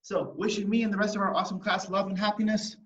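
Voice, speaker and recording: A man teaches an online kids' martial arts class and tells them a story, upbeat and encouraging. His high-pitched, slightly bright voice moves fast with little pitch variation, heard through distant, roomy, lo-fi livestream audio.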